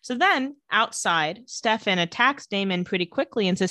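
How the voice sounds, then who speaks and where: Recapping a TV episode with her podcast co-host, a woman playfully acts out the characters' lines in a casual conversation. Her mid-range voice is expressive, bright, and forceful, moving at a moderate pace with hardly any pauses and no room sound.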